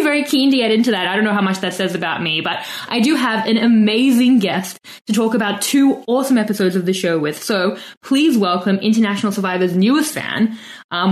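A woman's voice: a little high, reverberant, low-quality recording. Chatty Australian woman podcast host. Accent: mixed Australian. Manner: enthusiastic, chatty, laughs often. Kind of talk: casual podcast chat.

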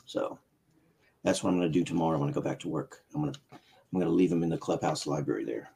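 A man's voice: very deep voice, quick pace, gravelly, dark tone, husky, poor audio. A man chatting as a guest on a live stream, talking in a rambling way and breaking off mid-sentence. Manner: rambling, self-interrupting. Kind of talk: casual live stream chat.

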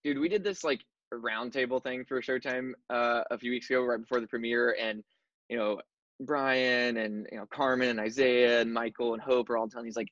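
A man's voice: medium pitch, steady tone, brisk, fairly bright tone, no room sound. A young man, an actor, chatting casually about his career, easygoing and full of "like" and "dude". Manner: easygoing, says "like" and "dude" a lot. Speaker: actor guest. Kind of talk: casual interview chat. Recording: dull lo-fi dry recording.

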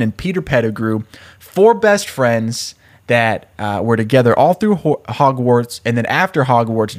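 Laughing man telling a story. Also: medium pitch. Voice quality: laughs often, animated storyteller. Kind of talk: casual chat, retelling a story.

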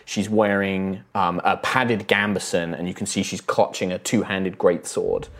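A man's voice: deep voice, steady tone, measured pace, a bit bright. A man acting as game master, narrating a tabletop game with frequent ums and restarts. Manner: hesitant, filler-heavy narration.

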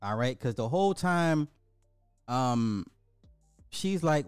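A man giving an animated, emphatic casual recap of a movie, repeating himself for effect. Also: medium pitch, slow, smooth, dry recording, faint music behind. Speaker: movie reviewer.

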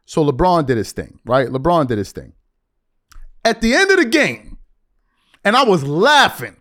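Animated high-voiced New sports talker. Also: male voice. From New York. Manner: animated, slangy, quick restarts. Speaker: sports commentator. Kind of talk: casual sports commentary.

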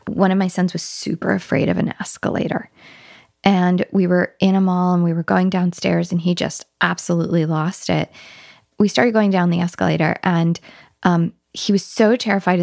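Woman, parenting guest, casual and animated storyteller, some vocal fry, dry close podcast sound. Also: lowish voice, a little fast, dry recording. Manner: animated storytelling, acting out playful talk with children. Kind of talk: casual advice conversation.

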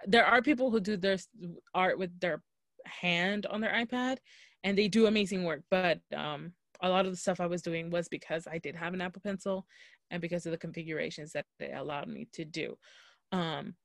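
A woman's voice: on the low side, a little fast, dry recording, studio quality. Chatty young woman telling a story. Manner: storytelling, quotes herself and others, fillers like "like". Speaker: podcast co-host. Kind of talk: casual chat.

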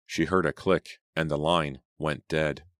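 A man narrating an audiobook in measured scripted narration, close to the mic. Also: very deep voice, fairly even intonation, a bit bright, dry recording.

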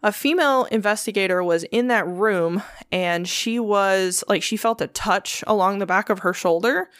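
A young woman telling ghost stories in a relaxed, chatty podcast manner. Her pitch sits in an ordinary middle range. Her speech is loose and full of swearing and filler words. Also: normal speed, no room sound, clean studio sound. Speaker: podcast host. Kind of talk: casual storytelling chat.

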